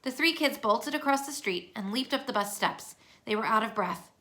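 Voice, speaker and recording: Woman narrator for a kids' chapter book read-aloud: steady, clear delivery, bright tone. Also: on the high side, normal speed.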